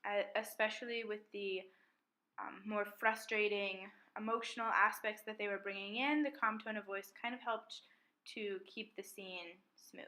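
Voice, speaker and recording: A young woman, a student mediator, calmly talking through a self-reflection on a mediation exercise in a measured, methodical way. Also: mid-range voice, poor audio.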